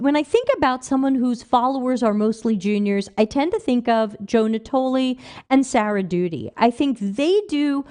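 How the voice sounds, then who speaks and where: A woman's voice: fairly high pitch, darkish tone. A woman hosting a livestream, reading viewer comments aloud and answering them with emphatic rhetorical questions. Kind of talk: casual livestream talk.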